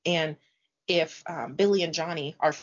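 A woman's voice: low voice, normal speed, highs cut off. A middle-aged woman, a teacher, chatting casually in an interview and acting out classroom conversations as she tells them. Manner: animated storyteller acting out dialogue.

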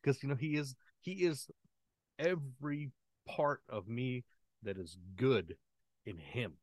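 A man's voice: medium pitch, slow, dry recording. A man in his forties, a guest in a casual interview, talking earnestly and with feeling. He often acts out what he says to his kids. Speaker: podcast guest. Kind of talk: casual heartfelt interview conversation.

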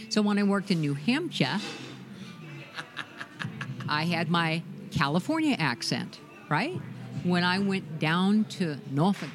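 A woman's voice: deep voice, expressive, moderate pace, over music. A woman from Minnesota, a former news anchor, talking casually and reflectively with many fillers. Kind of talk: casual interview talk.

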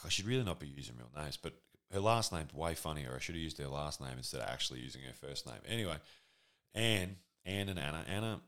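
A man in his forties with an Australian accent and an extremely deep voice, telling a rambling, profane, self-deprecating comedic story from his youth. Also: a bit bright. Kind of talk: casual comedic anecdote monologue.

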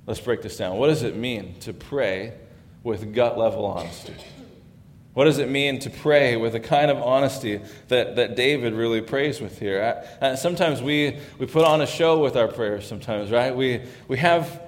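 A man preaching a sermon in a church sanctuary, talking conversationally and dropping to hushed tones when he reads scripture. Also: mid-range voice, moderate pace, big-room sound. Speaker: pastor.

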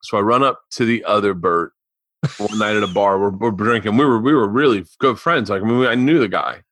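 A man who is a comedian tells raucous stories in a casual remote chat. He is animated and swears freely. His voice is bright and forward, and the sound is dry and close. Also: fairly low pitch, a little fast, no echo. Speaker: comedian guest. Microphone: remote call recording.

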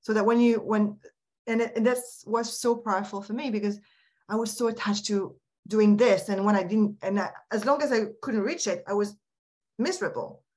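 A woman mindset and happiness coach, a guest on a podcast, talking in a casual, reflective way with frequent restarts and soft laughs. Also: mid-range voice, normal speed.

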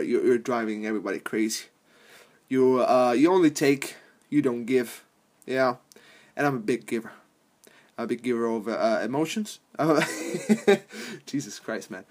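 A young adult man hosting a podcast, rambling casually and swearing, laughing often between thoughts. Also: medium pitch. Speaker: podcast host.

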